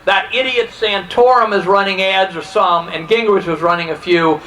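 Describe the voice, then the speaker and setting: A man's voice: sits high, fairly even intonation, moderate pace, sharp tone, low-quality recording. A man from Ohio giving an impassioned political speech, heated, acting out the conversations he quotes. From Ohio, USA. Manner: heated, acts out quoted exchanges. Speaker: political speaker.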